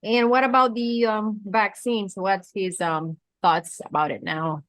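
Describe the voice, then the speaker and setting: A woman hosting a casual video-call interview, who asks her questions with soft, hesitant fillers. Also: mid-range voice, fairly even intonation, a little slow, no echo. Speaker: host interviewer.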